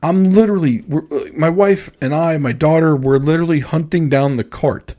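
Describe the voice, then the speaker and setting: On a podcast, a man co-hosting the show recounts a story in relaxed chat, bringing quoted dialogue to life by performing other people's voices. He speaks at a normal speed in a voice that leans high.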